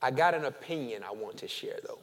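A man preaching a sermon as pastor, animated, with call-and-response and casual storytelling asides. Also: medium pitch, fairly quick.

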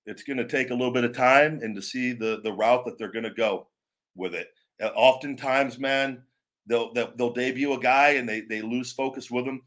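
A man's voice: medium pitch, moderate pace. A man hosting a live wrestling show, berating online trolls with heavy swearing, then talking things over in a looser, rambling way. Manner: profane, aggressive, berating trolls; calmer, rambling with restarts. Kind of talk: live stream rant and commentary.

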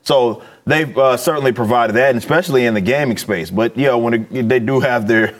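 A man's voice: medium pitch, a little fast. A man on a panel, the resident gamer, giving casual commentary in an easygoing, hedging way.

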